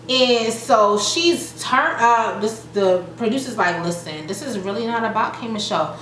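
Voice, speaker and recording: A young woman chats through a reality show recap, jumping into each quote with a lively, fairly high voice. She laughs easily as she goes. The sound is echoey, with a faint hiss behind her. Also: normal speed, hardly any pauses. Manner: chatty, animated, acts out quotes with laughter. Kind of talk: casual recap vlog. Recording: echoey room with faint noise.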